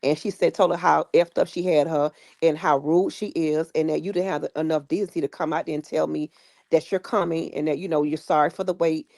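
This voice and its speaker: A woman, casually retelling a story and acting out the quoted people in lively bursts. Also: low voice, brisk, gravelly, dry recording, clean studio sound. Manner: animated retelling with quoted voices. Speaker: guest recounting stories.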